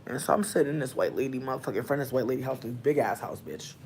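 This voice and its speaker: A vlogger ranting casually to camera at home, swearing constantly and telling a story with big swings from muttering to loud bursts. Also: medium pitch, racing, gravelly, a little hiss or hum. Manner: profane, heavy swearing. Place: indoors, at home near a window.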